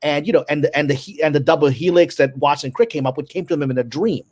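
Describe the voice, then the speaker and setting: A man's voice: fairly high pitch, fast, a little mellow. A man appearing as a guest screenwriter, talking in an opinionated, talkative way on a casual live stream.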